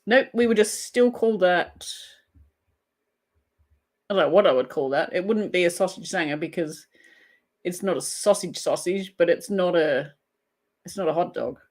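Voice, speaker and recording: A woman's voice: lowish voice, normal speed, long pauses, darkish tone. An Australian woman hosting a casual livestream, giggling often and chatting as she reads viewer comments aloud. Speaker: crochet livestream host. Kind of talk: casual live-chat banter.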